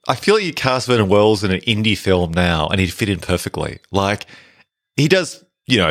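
Deep-voiced man, chatty film talk. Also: a bit bright, dry recording, clean studio sound. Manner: chatty, enthusiastic, peppered with "like". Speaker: podcast co-host. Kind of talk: casual film discussion.

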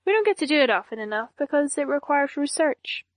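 Voicing a young villainess for an audiobook, a woman delivers each threat in an emotionless, flat deadpan. Her fairly high voice moves fairly quickly and is recorded close and dry, with no echo.

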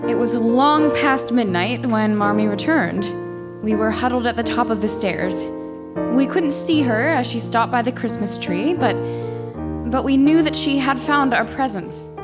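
A sensible, motherly eldest sister narrates and soothes in a gentle, slightly high voice. Loud piano music plays beneath her. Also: animated, a little slow. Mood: narrating. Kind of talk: first-person storytelling narration.

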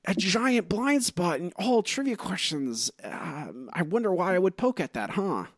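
A man's voice: high voice, very animated, a little slow, dry recording, clean studio sound. Teasing, rambling male podcast host. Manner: teasing, rambling with many fillers. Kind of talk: casual trivia chat.

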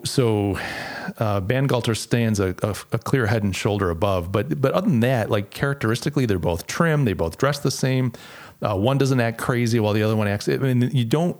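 A man's voice: fairly low pitch, darkish tone. A middle-aged man hosting a podcast, talking casually and reflectively on his own, with many restarts. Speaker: podcast host. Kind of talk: casual solo podcast monologue.

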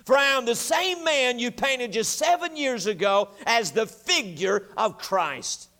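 A man's voice: extremely high pitch, lively intonation, unhurried, sharp tone, full character voice. A man preaching, retelling a story and voicing a broken, repentant prisoner who cries out in desperate pleading.

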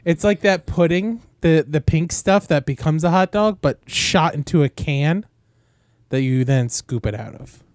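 Easygoing man, slightly higher voice. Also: animated, measured pace, a little mellow, no room sound, studio quality. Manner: easygoing, laughs often, reads listener questions. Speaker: podcast co-host. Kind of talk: casual chat.

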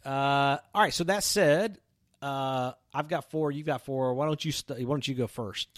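A man's voice: mid-range voice, moderate pace, no echo, clean studio sound. A man co-hosting a youth ministry podcast, bantering playfully in a casual chat.

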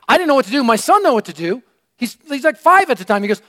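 Animated high-voiced male preacher. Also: racing. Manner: energetic, animated, swinging from loud to hushed. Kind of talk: sermon storytelling. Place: church room.

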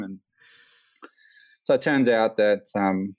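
Low-voiced Australian man, rambling tale. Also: slow pace, gravelly, pauses often, slight background noise, rough recording. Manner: rambling, many fillers, animated quoting. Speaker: hang glider pilot, guest. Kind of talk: casual storytelling interview.

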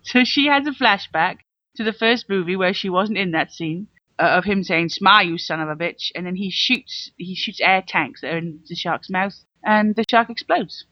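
Man, podcast co-host, high, joking and laughing, muffled lo-fi sound, dry. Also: expressive, dry recording. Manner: laughing, joking, quick asides. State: says he is high. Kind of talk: casual movie chat. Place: in bed at home. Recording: dull lo-fi remote audio.

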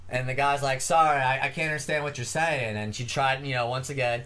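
A man's voice: medium pitch, steady tone, a little fast, few pauses, bright, forceful tone. Playful man telling a joke. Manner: playful, eager joke teller. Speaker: guest. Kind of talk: casual chat, telling a joke.

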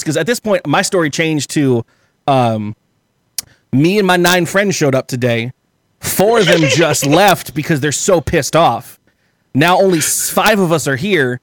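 Profane, rambling man with a higher voice. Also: unhurried, no room sound, studio quality. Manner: profane, rambling, animated, laughs while telling. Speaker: podcast guest. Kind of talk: casual storytelling.

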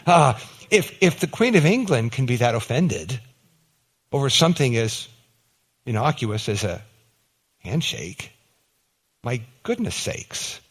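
A man preaching a sermon in a lively, conversational way, often repeating words and acting out quick mock exchanges. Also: medium pitch, breathy edge. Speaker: pastor.

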